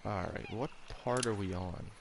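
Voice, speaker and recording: A man's voice: fairly low pitch, a little slow, vocal fry. A young man live-streaming a game, chatting casually with viewers and swearing now and then. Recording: steady background noise.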